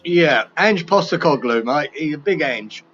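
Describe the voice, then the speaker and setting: A man's voice: on the high side, animated, unhurried, fairly bright tone, slight background noise. A man on a casual fan chat show, explaining at length with eager restarts. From Australia. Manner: enthusiastic, rambling with restarts. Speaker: co-host. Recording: dull lo-fi remote line.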